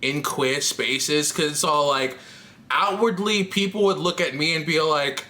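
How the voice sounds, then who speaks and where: A woman's voice: sits low, measured pace, sharp tone. A trans woman vlogging to camera in a candid, rambling chat, laughing often and swearing casually.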